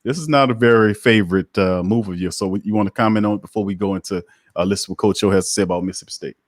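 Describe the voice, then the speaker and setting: A man hosting a casual sports talk show, energetic and hype. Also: on the low side, no room sound, clean studio sound. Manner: energetic, hype, drawn-out phrasing. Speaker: sports podcast host.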